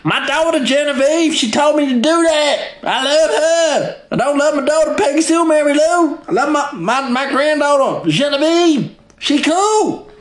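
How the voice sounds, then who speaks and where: A stubborn, doting old grandmother with a high, drawling voice, put on by a man. She talks in a warm, fussing sing-song. An echoey room surrounds the voice. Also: lively intonation, moderate pace, few pauses. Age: older. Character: older hoarder grandmother, stubborn but doting.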